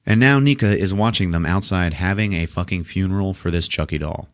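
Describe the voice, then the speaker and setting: A man hosting a podcast and recapping a horror movie in a casual, profane, animated way, laughing often. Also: sits low, a little fast, no echo, studio quality. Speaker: podcast host.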